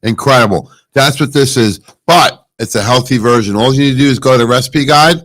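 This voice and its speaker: A man co-hosts a live promotional show from a wellness store event. He pitches products in an upbeat, salesy way. His voice sits at an ordinary pitch, and the sound is dry and close. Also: brisk, fairly bright tone, no echo, low-quality recording. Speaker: co-host.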